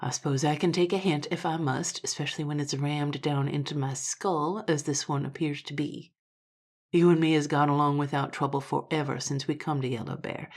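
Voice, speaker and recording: A woman voicing a sly, menacing frontier saloon owner who speaks with slow deliberateness. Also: fairly low pitch. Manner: deliberate, veiled threats.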